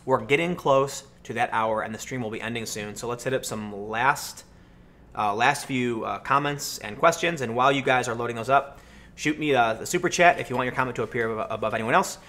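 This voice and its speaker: An American man hosting a livestream, answering chat questions and telling stories in a casual, animated way. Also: mid-range voice, a little fast. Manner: animated storytelling, acts out voices in anecdotes. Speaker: livestream host.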